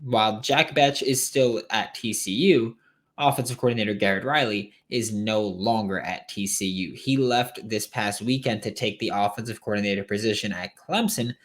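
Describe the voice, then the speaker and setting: A man with a somewhat low voice hosts a solo sports podcast. He sounds tired from the late hour, yet he stays opinionated and emphatic. He drifts into rambling asides as he goes. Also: moderate pace.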